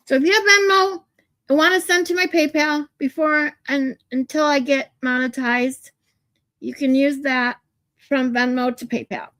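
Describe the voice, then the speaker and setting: A woman's voice: high voice, fairly even intonation, moderate pace, fairly bright tone, no echo. A woman hosting a casual livestream, talking to her chat in a chatty way and laughing easily. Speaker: livestream host.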